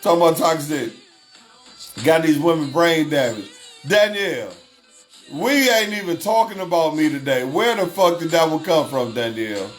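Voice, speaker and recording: A man hosting a casual livestream, reading chat aloud, swearing freely and laughing often. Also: on the high side. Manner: profane, laughs often, repeats himself.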